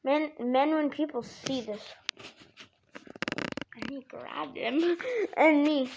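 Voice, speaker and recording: A woman's voice: sits high, very slow, creaky, long pauses, lo-fi sound, slight background noise. A woman chatting casually to her viewers in a playful, giggly way, full of jokey asides. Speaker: vlogger. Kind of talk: casual rambling chat to camera.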